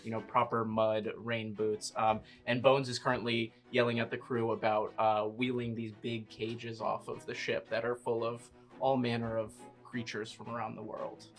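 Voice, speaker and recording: A man playing a tabletop role-playing game, describing his character in a halting way with many fillers. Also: medium pitch, flat delivery, faint music behind. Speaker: player.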